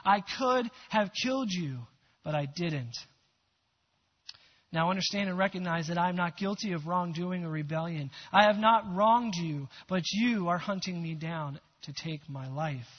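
Conversational male preacher, earnest, asks the room questions; husky voice, muffled sound. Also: high voice, animated, moderate pace. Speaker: pastor. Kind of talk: sermon. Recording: dull lo-fi recording.

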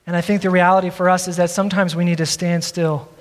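A male pastor preaching a sermon with earnest, drawn-out emphasis and self-deprecating asides. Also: sits high, flat delivery, in a large hall.

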